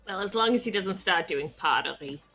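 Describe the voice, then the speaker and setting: A woman's voice: fairly low pitch, lively intonation, a little fast, sharp tone, soft background music. A woman playing a tabletop game, chatting playfully and often laughing. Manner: giggly, playful. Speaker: player. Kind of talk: casual chat while playing a tabletop game.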